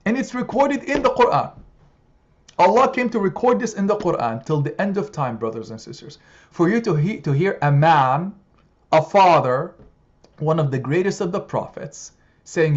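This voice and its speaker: A man's voice: sits high, animated, moderate pace. A man teaching an impassioned weekly Quran study lesson, speaking emphatically, repeating phrases and asking rhetorical questions, in a slightly muffled recording. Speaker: religious study group teacher.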